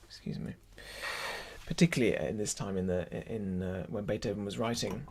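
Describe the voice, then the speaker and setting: A man's voice: on the low side, steady tone, a little fast, loud music behind the voice. A man leading an online choir rehearsal, explaining German pronunciation and musical phrasing and counting the singers in. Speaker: choir leader.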